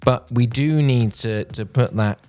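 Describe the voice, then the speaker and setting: A young man hosting a podcast on public speaking, talking in an expressive, emphatic way that deliberately varies his pitch and pace. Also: over music. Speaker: podcast host.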